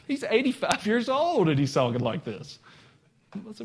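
Folksy preacher, rising to high exclamations. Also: male voice, very animated, a little fast. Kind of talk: sermon.

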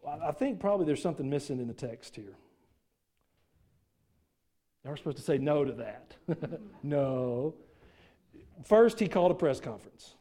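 Preacher guy, kinda high voice but mellow, folksy, keeps asking the church questions. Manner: folksy, rhetorical questions, jokes with congregation. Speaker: pastor. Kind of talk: sermon.

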